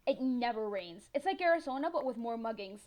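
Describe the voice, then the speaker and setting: A teenage girl from northern Mexico, chatty and excitable, telling a story as a gaming voiceover, swearing freely and laughing often. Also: on the high side, fairly quick. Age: teens. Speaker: gaming vlogger.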